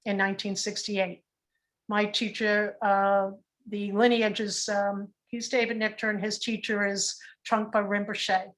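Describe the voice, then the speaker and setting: A woman's voice: medium pitch, little pitch movement, a little slow. A woman teaching meditation in a casual online workshop, talking in a chatty, rambling way with many restarts, over a video call.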